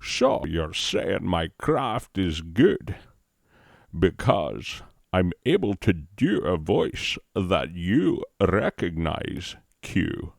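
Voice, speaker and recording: A man doing a smug impression of an old film star. He speaks in a slow, self-satisfied drawl in a low, dry voice with a timbre unlike his own. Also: very animated, creaky, no room sound, exaggerated voice. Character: impression of a late famous film actor, smug.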